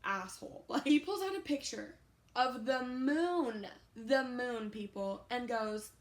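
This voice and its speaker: A woman in her twenties telling a casual storytime vlog, animated and profane, rambling with many fillers. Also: a little high, slow. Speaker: YouTuber.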